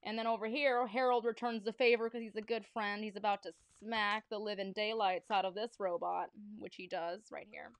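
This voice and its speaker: A woman's voice: medium pitch, fairly even intonation, normal speed, few pauses, a little hiss or hum. Playful woman reading a storybook aloud. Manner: playful, chatty asides between reading. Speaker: children's book reader. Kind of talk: reading a children's book aloud on a livestream.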